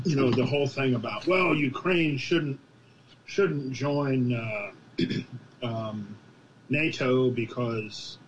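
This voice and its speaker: A man's voice: medium pitch, muffled recording, slight background noise. A man chatting casually as a co-host, thoughtful and meandering. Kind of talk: casual chat.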